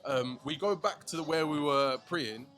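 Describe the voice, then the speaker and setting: A young man, telling an animated story to his friends. His voice sits a little high for a man, and he swears freely and throws in slang. Music plays clearly in the background of the lounge. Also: moderate pace. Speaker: podcast co-host telling a story. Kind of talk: casual storytelling chat. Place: shisha lounge. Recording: music playing behind.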